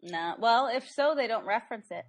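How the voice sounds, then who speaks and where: A woman's voice: fairly high pitch, lively intonation, a little fast. A woman co-hosting a podcast, chatting casually about a movie, playful and often laughing. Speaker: podcast co-host.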